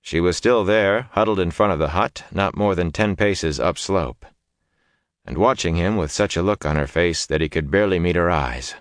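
A man with a very low voice narrates a fantasy story. His delivery is measured and dramatic, and the recording is dry and close. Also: dry recording. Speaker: audiobook narrator.

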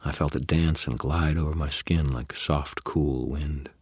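A man reads a first-person novel aloud with wry, deadpan delivery. His voice sits extremely low and husky, and the recording is dry with no room sound. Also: unhurried, no room sound. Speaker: audiobook narrator.

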